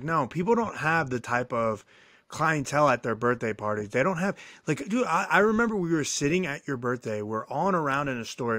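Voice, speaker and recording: A man co-hosting a podcast, telling a long story in a casual, animated way, cursing freely and acting out what people said. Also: mid-range voice, no echo, clean studio sound. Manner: animated, profane, acts out quoted dialogue. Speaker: podcast co-host.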